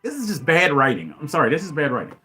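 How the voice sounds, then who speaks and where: A man giving opinionated, ranting fan commentary as a channel host, with loud outbursts. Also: a little high, huge pitch swings, quick pace, faint music behind. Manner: ranting, exclaims loudly.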